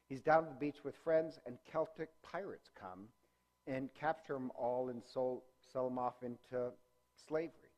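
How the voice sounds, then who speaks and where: A man's voice: mid-range voice, a little mellow. A man teaching a parish faith class, talking off slides in a loose, joking way with many fillers and corrections. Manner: rambling, many ums and self-corrections; conversational with jokes. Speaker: parish religious-education teacher. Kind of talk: informal lecture with slides.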